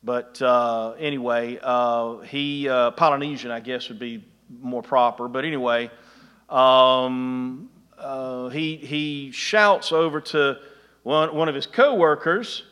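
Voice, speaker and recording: A man's voice: mid-range voice, steady tone, slow pace, fairly bright tone, smooth, big-room sound. A man preaching a sermon in a conversational way, with chuckling asides and frequent restarts. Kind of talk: sermon with anecdotes.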